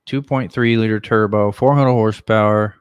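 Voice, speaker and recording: A man's voice: on the low side, fairly even intonation, moderate pace, smooth, no echo. A man co-hosting a podcast in casual chat, dry and opinionated. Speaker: podcast co-host.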